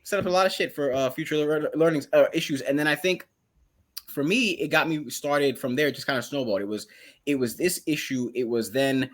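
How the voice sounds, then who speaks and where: A young man with a slightly high voice talks comics on a casual podcast. He is animated and drops into quick character voices as he retells scenes. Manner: animated, acts out characters' lines mid-story. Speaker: podcast co-host. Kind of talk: casual comic book chat.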